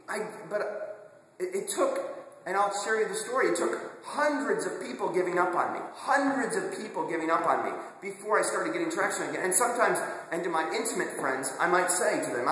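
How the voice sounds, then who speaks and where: A man's voice: high voice, bright, forceful tone. Impassioned man in a very echoey room. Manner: earnest and impassioned, repeats words and restarts. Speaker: video blogger. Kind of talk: personal confessional monologue. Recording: very echoey room with long reverb.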